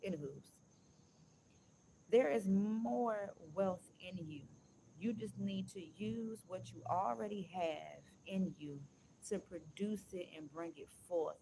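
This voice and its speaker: A woman vlogger, ranting bluntly to her viewers, swearing freely and slowing down to read aloud with emphasis. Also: mid-range voice, dark tone, slight background noise. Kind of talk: casual motivational rant to viewers.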